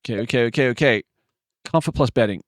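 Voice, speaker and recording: A man streaming a word game live, muttering guesses to himself with sudden excited outbursts. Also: medium pitch, quick pace.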